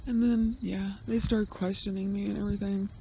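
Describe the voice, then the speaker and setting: A man's voice: high-pitched, flat delivery, a little fast, vocal fry, warm tone. A man vlogging on a road trip, chatting casually to a handheld phone at an outdoor forest campsite, rambling and trailing off as he talks. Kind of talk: casual chat to camera. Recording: wind-buffeted outdoor phone audio. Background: wind and crickets.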